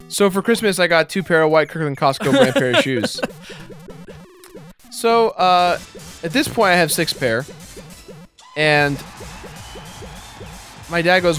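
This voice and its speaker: Man, twenties, somewhat high voice, rambling storyteller, casual game commentary, faint game music behind. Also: animated, unhurried, long pauses, fairly bright tone. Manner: rambling anecdotal storytelling, laughs at own punchlines. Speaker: let's play co-host.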